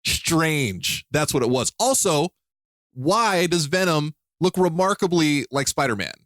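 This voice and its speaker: A man co-hosting a podcast in casual chat, excitable, often restarting his sentences. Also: on the high side, measured pace, dry recording. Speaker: podcast co-host.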